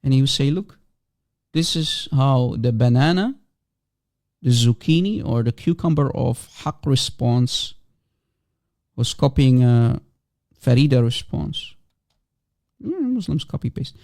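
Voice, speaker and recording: Slow and marked by long pauses, his mid-range voice carries a darkish tone. This man runs a heated debate livestream, taking a combative, mocking stance and pushing one question over and over.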